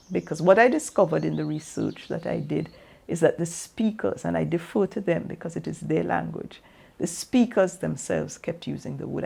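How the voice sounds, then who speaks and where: Gravelly, husky-voiced author. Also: medium pitch, moderate pace, darkish tone. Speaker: author and researcher. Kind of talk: interview talk.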